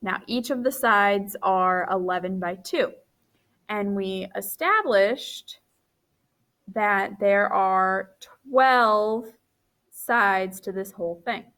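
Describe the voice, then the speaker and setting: A woman's voice: mid-range voice, fairly bright tone. A woman teacher walking through a recorded math lesson, counting aloud as she draws and correcting her own slips, tired and yawning.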